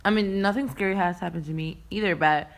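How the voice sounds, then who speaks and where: A woman's voice: medium pitch, fast talker. A young woman co-hosting a casual podcast, teasing her co-host and laughing a lot. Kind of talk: casual chat.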